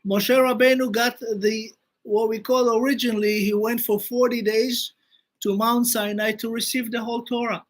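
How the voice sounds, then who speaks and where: A man's voice: extremely high pitch, little pitch movement, normal speed. A man, a rabbi teaching a Torah class and telling stories, acting out the quoted speech with animation.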